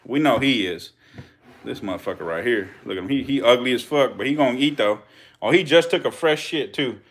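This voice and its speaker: A young adult man with a Californian accent, hosting a casual vlog with slangy, profane, excitable commentary and laughing asides to viewers. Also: mid-range voice, a little fast, slightly rough. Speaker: channel host feeding snakes.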